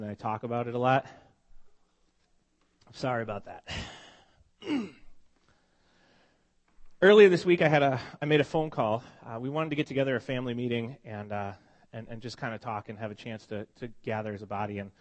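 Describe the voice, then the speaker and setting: Pastor with a cold, mid-pitched male voice, casual storytelling sermon with frequent restarts. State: has a cold. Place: church congregation meeting in a school.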